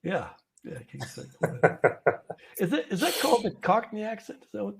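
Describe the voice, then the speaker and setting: Guy hosting a live stream, husky voice, rambles and laughs a lot. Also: high-pitched, sing-song, normal speed. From Canada. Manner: chatty, rambling, laughs easily, many fillers. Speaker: host of a live trading show. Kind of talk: casual livestream chat. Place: office.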